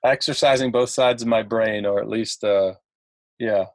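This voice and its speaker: A middle-aged man from Ohio, a podcast guest telling stories in a halting, chatty way with many fillers and laughs. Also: fairly low pitch, steady tone, dry recording. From Ohio, USA. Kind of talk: casual podcast chat.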